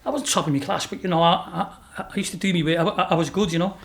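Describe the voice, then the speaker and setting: A racehorse owner from Liverpool, around fifty-something, talks as a guest in a high, gravelly voice that stays fairly even in intonation while moving fast. His Liverpool-accented chat wanders through profanity-laced stories punctuated by laughter.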